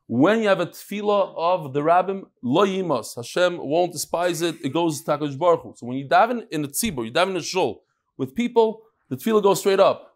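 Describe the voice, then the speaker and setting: Lively, slightly high male Talmud teacher. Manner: animated, thinks aloud and asks the room questions. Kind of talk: daily Talmud class before a live audience.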